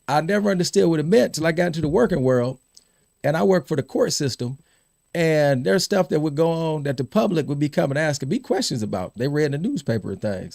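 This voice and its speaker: Gravelly middle-aged man telling stories. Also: a little high, fast talker, no room sound, clean studio sound. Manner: animated storyteller, laughs and repeats words. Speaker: podcast host. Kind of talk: casual storytelling chat.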